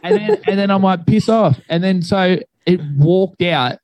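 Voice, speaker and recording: A man's voice: sits high, expressive, normal speed, darkish tone, dry recording, rough recording. A young man telling a ghost story to friends in a rambling, casual way, full of fillers and swearing.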